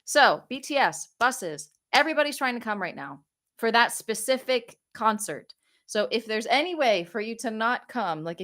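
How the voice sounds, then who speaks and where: A woman's voice: medium pitch, fairly bright tone. A young woman hosting a casual live Q&A from her phone, gushing with thanks and rambling as she answers questions. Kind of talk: casual livestream chat. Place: home, living in South Korea.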